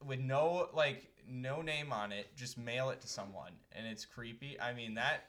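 A young man co-hosting a casual podcast, speaking haltingly and often trailing off. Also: medium pitch, fairly bright tone. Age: young adult. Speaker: podcast co-host. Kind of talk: casual chat.

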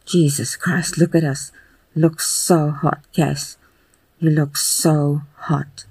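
Affectionate, coaxing adult man, read by the narrator; husky, unhurried. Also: medium pitch, flat delivery, darkish tone, no echo, poor audio. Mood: tender, coaxing.

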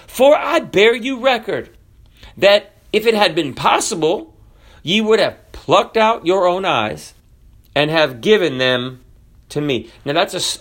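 A pastor from the United States delivers a sermon in a fairly high male voice. He reads scripture aloud and swings his pitch up sharply for emphasis, then slows down on the phrases he wants to land. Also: fairly bright tone. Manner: varies pitch and pace widely, rising for emphasis and slowing on key phrases.

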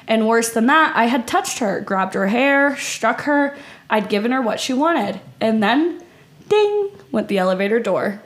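A woman co-hosting a podcast, reading a creepy first-person story aloud and breaking off to chat, laughing and swearing casually. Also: mid-range voice.

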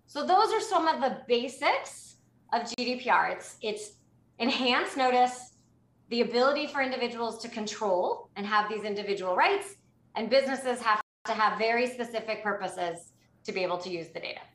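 A woman explaining rules on a webinar, clear and emphatic, with frequent restarts. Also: a little high, animated, normal speed, fairly bright tone, echoey room. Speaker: privacy expert guest.

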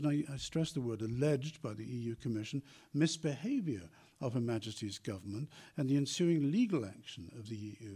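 Husky, mellow male interviewer. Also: medium pitch, animated, a little fast, few pauses. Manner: long, carefully worded questions with self-corrections. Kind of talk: radio-style interview questions.

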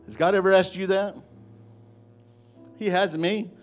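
A man preaching a sermon as pastor, moving from soft, low asides to loud, rising exhortation. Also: fairly even intonation, a little slow, long pauses, soft background music.

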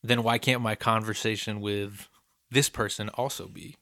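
A man's voice: lowish voice, fairly even intonation, sharp tone, no echo, studio quality. A man co-hosting a podcast, chatting casually and easygoing about prayer. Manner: easygoing, quick to laugh along. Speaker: podcast co-host. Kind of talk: casual faith chat.

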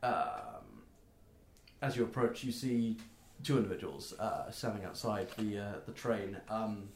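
A man narrating as game master of a tabletop game, talking haltingly with many fillers. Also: fairly low pitch, a little hiss or hum. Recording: roomy echo.

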